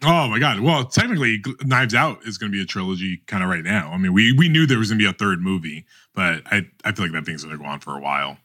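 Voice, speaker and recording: A man co-hosting a podcast, chatting casually about awards season in a rambling, halting way full of restarts. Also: lowish voice, animated, pushed and bright. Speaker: podcast co-host.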